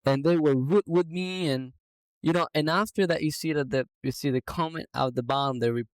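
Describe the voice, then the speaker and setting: A man who owns a business, telling a story in a lively, casual way on a podcast. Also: a little high, brisk, clean tone, no room sound, rough recording. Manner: animated anecdote telling. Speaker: business owner.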